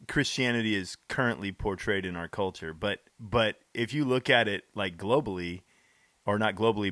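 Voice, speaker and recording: A man's voice: lowish voice, fairly bright tone, no echo, clean studio sound. A man co-hosting a faith podcast, laid-back, laughing easily and telling short stories. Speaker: podcast co-host. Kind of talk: casual faith discussion.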